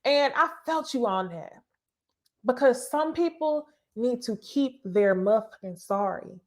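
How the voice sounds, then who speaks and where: A woman hosting a casual reality TV recap, talking to viewers in an animated, profane way with laughing asides. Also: a little high, unhurried.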